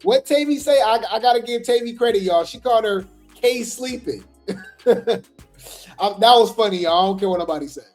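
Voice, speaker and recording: A woman's voice: fairly high pitch, animated, normal speed, darkish tone, faint music behind. A woman hosting casual gossip commentary, chatty and sassy, talking straight to her viewers.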